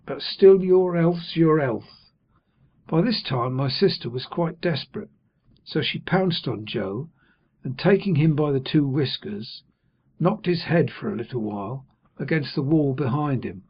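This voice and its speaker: A man reading a novel aloud as an audiobook narrator, in a measured, even storytelling manner. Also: mid-range voice, husky, highs cut off. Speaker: audiobook reader. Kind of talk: scripted narration.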